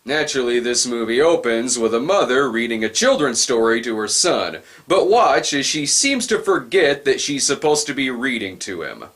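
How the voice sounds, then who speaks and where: A man's voice: medium pitch, very animated, moderate pace, hardly any pauses, fairly bright tone. A man reviewing a bad film in a comedic voice-over, sarcastic and profane.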